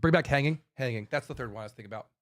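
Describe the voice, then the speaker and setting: Speaking very fast in a medium-pitched voice, a host works himself into a forceful, fired-up rant. He's blunt and profane, repeating himself over and over and stumbling before starting again.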